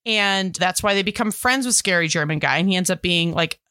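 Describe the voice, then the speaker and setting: Bright-voiced chatty woman podcaster. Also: lowish voice, a little fast, clean tone, no echo, studio quality. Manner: animated, gushing retelling with laughs. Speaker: podcast co-host. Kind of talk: casual movie podcast chat.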